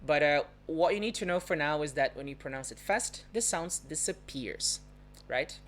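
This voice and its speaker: A low-pitched woman teaches a live online language class. She talks quickly and explains patiently, breaking down how words sound. It is recorded on a phone or webcam mic. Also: animated. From Rio de Janeiro, Brazil. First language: Portuguese. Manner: explains patiently, demonstrating pronunciation with examples; talks fast by her own account. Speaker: Portuguese teacher. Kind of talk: live-streamed language lesson. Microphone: phone or webcam for a social media live.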